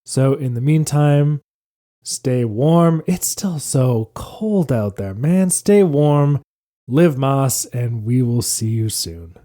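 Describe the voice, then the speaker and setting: A man's voice: medium pitch, expressive, slow pace, warm tone. A man hosting and narrating as dungeon master of a tabletop game podcast, upbeat and playful with a self-mocking tone.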